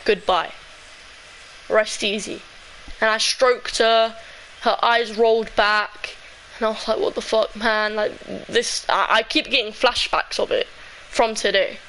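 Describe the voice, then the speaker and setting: A teenage girl speaks in a fairly high voice. She tells a personal story as a streamer, rambling and leaning on constant fillers. A faint hiss sits under her voice. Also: little pitch movement, unhurried, pushed and bright, rough recording. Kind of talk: emotional storytelling vlog.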